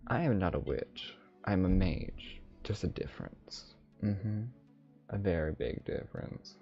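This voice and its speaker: Voicing a mischievous ancient male dragon mage, a man keeps his low, expressive voice at a measured pace, lisping through an affected dragonish accent. His in-character stream chat rambles playfully with self-amused asides, over faint music and slightly dull audio.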